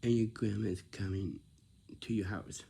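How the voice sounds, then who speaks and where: A man telling a rambling casual story, repeating himself and dropping into soft whispers. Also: fairly low pitch, steady tone, moderate pace, creaky, slightly rough. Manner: repetitive, restarts phrases, drops into soft whispers.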